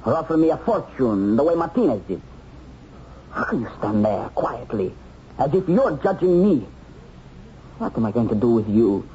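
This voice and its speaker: A man's voice: medium pitch, sing-song, normal speed, long pauses, dark tone, lightly acted. A man playing a mocking, chuckling hunter. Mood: taunting. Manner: taunting, given to chuckles. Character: male hunter of a war criminal, mocking then torn. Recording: dull old TV soundtrack, some noise.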